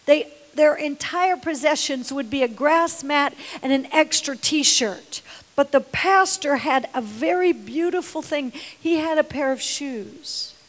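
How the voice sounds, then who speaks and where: A woman's voice: high voice, a little slow, long reverb tail. A woman preacher telling a story in a sermon, emotional and repetitive, sometimes dropping to a whisper. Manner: emotional, drops to whispers, repeats words.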